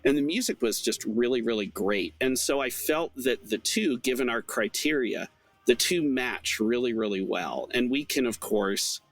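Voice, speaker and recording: A man in casual podcast chat, talking in a relaxed way and thinking aloud as he goes. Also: mid-range voice, moderate pace, dry recording.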